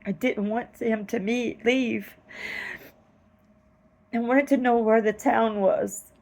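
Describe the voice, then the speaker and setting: Woman storyteller, fairly high voice, very slow and earnest, emotional. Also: fairly even intonation, creaky, darkish tone, low-quality recording. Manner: slow, halting, earnest retelling. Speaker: vlogger telling a dream. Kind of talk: personal storytelling.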